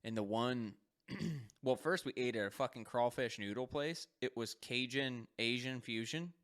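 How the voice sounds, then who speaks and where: A man's voice: mid-range voice, unhurried, fairly bright tone. A young man co-hosting a podcast, chatting casually, laughing often and swearing freely. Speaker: podcast co-host. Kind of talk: casual chat.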